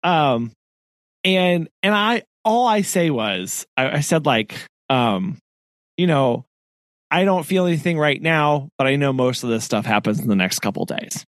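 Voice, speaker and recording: Speaking at a measured pace in a slightly high voice, this man co-hosts a podcast and tells a story in relaxed conversation. He stays animated, laughs frequently, and performs the voices of the people in it. The recording is studio quality with no echo.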